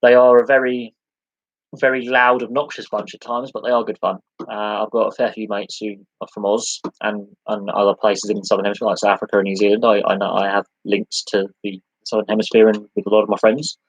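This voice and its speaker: A man's voice: fairly low pitch, flat delivery, brisk, dry recording, dull audio. A man hosting a live sports podcast Q&A, talking in a rambling, conversational way with many restarts and long lists. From United Kingdom.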